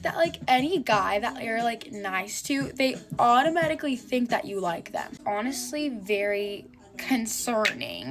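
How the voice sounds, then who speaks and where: A teenage girl chatting casually into a phone about her school day, filling her talk with "like". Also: high-pitched. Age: teens. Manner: chatty, lots of filler "like". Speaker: vlogger. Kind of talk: casual storytime chat. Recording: music playing behind. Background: music.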